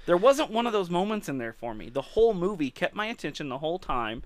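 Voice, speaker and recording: A man's voice: sits high, very animated, fast talker, no room sound. A man co-hosting a podcast, chatting casually about movies and shows, joking and swearing freely. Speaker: podcast co-host. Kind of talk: casual chat.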